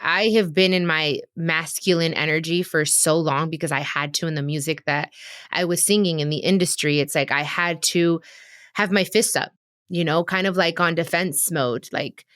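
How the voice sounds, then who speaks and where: A woman's voice: low-pitched, normal speed, a bit bright, dry recording, clean studio sound. A woman in her thirties hosting a podcast, talking about her marriage in a candid, emotional way and speaking straight to her listeners. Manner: emotional, confiding, addresses listeners directly. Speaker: podcast host. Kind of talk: candid casual chat.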